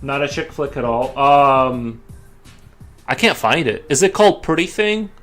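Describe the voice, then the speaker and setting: A man's voice: medium pitch, animated, measured pace, a bit bright, faint music behind. A man chatting casually while drawing on a stream, rambling with lots of fillers and restarts.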